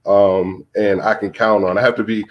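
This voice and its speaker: A man's voice: on the low side, flat delivery, normal speed, lo-fi sound. A man hosting a live stream in easygoing casual chat, laughing often.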